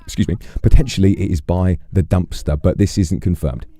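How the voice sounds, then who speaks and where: A man's voice: low voice, fairly quick, dark tone. A man streaming a game, playing a police chief in role-play with a polite, encouraging, commanding manner.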